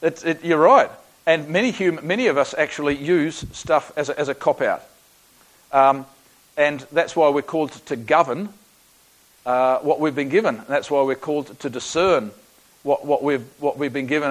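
A man's voice: a little high, poor audio. An Australian man preaching a sermon, telling a personal story in a conversational, folksy way with frequent restarts.

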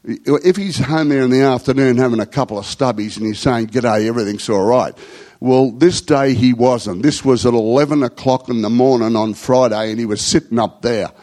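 A man's voice: mid-range voice, normal speed, darkish tone, low-quality recording. Rambling Australian man telling stories. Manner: rambling conversational storytelling with slang. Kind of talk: anecdotal talk to a group.

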